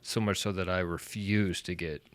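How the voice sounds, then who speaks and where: A man's voice: deep voice, fairly even intonation, moderate pace. A man hosting a podcast, talking in a casual, candid and self-deprecating way. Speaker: podcast host. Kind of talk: casual conversation. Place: studio.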